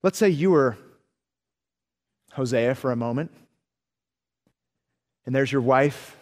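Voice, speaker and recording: A man preaching a sermon with earnest, animated storytelling. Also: medium pitch, slow, in a large hall. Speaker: pastor.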